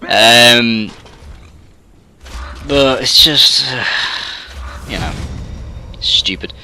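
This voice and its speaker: A young man with an English accent rants into the camera for his gaming channel. His voice is bright and a little tense, and he swears a lot, drifts off on tangents and fills gaps with ums. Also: medium pitch, extremely slow, slight background noise. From England. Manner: rambling and sweary, full of ums and trailing asides. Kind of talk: ranting monologue.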